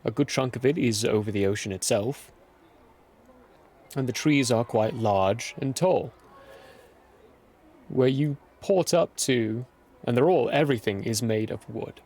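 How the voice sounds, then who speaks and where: A man's voice: mid-range voice, unhurried, pauses often, darkish tone. A man narrating a tabletop game as game master, describing scenes while searching for words.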